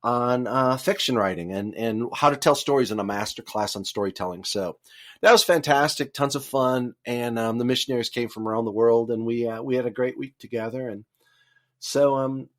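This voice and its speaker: An easygoing man chatting as a guest author on a podcast. He speaks in a middle-pitched voice and meanders with frequent ums and restarts. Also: moderate pace. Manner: rambling with many fillers and restarts. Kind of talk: casual interview conversation.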